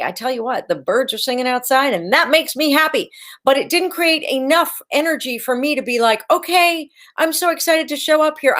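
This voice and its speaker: A woman hosting a live-stream coaching session, talking in an energetic, chatty way and repeating her key words. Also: high-pitched. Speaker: video coach hosting a livestream.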